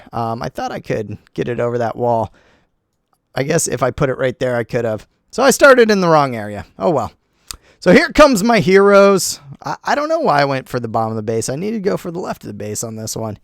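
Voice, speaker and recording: A man commenting on a replay of his own game, animated and self-critical, talking to himself as he goes. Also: fairly high pitch, gravelly, no room sound, studio quality. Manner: self-critical, talks to himself while narrating; animated, quick swings between groans and cheers. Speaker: gaming channel host.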